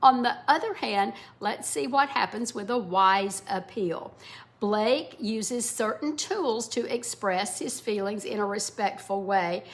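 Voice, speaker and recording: A middle-aged woman, a former English teacher, explaining parenting skills to parents in a warm, explanatory way. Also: medium pitch, unhurried. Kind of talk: instructional talk to parents.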